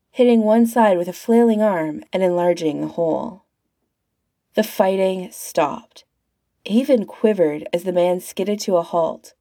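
A woman's voice: medium pitch, gravelly, warm tone, no echo, clean studio sound. A woman reading a fan-written story aloud as a narrator, putting on voices for the characters. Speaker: fan fiction reader.

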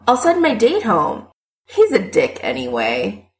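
A woman reading an audiobook voices an excitable, blunt young woman who gushes and squeals. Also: unhurried. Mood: chatty. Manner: high, gushing, loud squeals. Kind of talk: audiobook character voice.

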